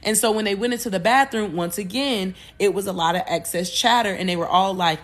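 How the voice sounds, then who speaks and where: A woman hosting a podcast, retelling a movie plot in a loose, animated way, with cursing and frequent self-corrections. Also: mid-range voice, brisk. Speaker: podcast host.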